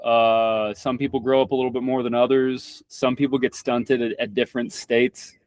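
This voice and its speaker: In casual podcast conversation, this young Kentucky guest is blunt and swears freely, rambling with stammered repeats and restarts. His mid-range voice shows little pitch movement, moves at a moderate pace, and has a darkish tone on a dry mic without echo.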